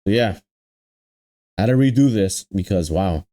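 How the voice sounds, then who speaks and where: A man's voice: low-pitched, expressive, normal speed, dark tone. A young man hosting an anime reaction video, ranting in exasperation, repeating himself and using lots of slang, and talking straight to his viewers. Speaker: anime reaction channel host.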